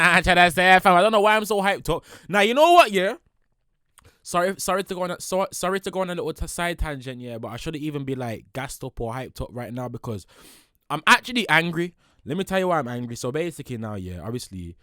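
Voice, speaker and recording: Young man, slangy excitable reaction host, fairly high voice, dry sound. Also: smooth, no echo. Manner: rambling, heavy street slang, excitable. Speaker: reaction streamer. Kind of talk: hyped reaction commentary.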